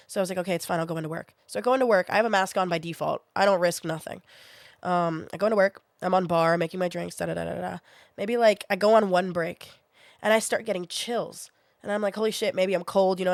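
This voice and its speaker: A woman's voice: fairly low pitch, no room sound, clean studio sound. A young woman streaming from her bedroom, telling a story to her chat in a casual, chatty way and acting out what she said back then. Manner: chatty, acts out her own past lines.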